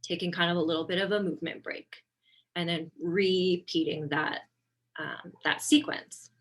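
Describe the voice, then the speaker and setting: A woman's voice: on the low side, normal speed. Chatty woman therapist teaching with slides. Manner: relaxed and conversational, with frequent ums and self-corrections. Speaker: occupational therapist presenting a webinar. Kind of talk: informal instructional talk over slides.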